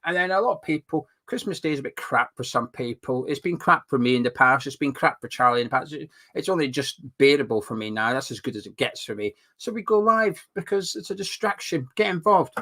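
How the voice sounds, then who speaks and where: Bright-voiced man hosting a live stream. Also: medium pitch, a little fast, few pauses. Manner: animated, swears freely, reads viewer comments aloud. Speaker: host. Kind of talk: casual live-stream chat. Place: home room.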